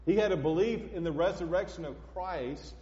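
High-voiced preacher in an echoey hall. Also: male voice, normal speed. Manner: emphatic preaching, swinging between loud and hushed. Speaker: pastor. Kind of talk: sermon. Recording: echoey hall, dull lo-fi sound.

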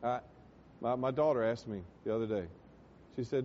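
Male pastor, fiery sermon delivery, swings loud and soft, dull lo-fi sound, faint rumble behind. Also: brisk, long pauses. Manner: impassioned preaching, swells loud then drops low. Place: church sanctuary.

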